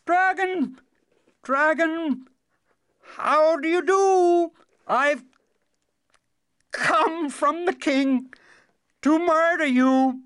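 A man's voice: very high-pitched, big pitch swings, slow, bright, forceful tone, smooth, voice pushed up, full character voice. A man voicing a small, timid young man who cries out in a strained, stammering way. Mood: forced boldness.

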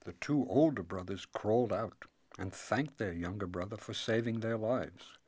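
A man reading a fairy tale aloud in a slow, expressive way. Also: on the low side. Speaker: storyteller. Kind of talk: storybook read-aloud.

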